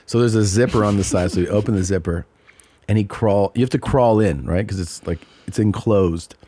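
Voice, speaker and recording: A man in his forties co-hosting a podcast, telling a story casually and acting out other people's lines in high, squeaky voices. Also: fairly quick. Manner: animated, acts out quotes in high voices. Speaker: podcast co-host.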